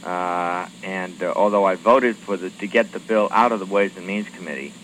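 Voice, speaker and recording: A man with a fairly low, bright, forceful voice, taking questions from radio stations as a lawmaker. He talks haltingly, filling gaps with many hesitations and restarting his sentences. A faint hiss sits under the voice. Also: rough recording. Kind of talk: radio call-in interview.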